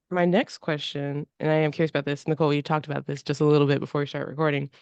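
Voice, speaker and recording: A woman's voice: sits low, quick pace, a little mellow, clear, resonant tone, no room sound, highs cut off. A woman co-hosting a casual podcast chat, asking questions in a chatty way with many fillers and frequent laughs.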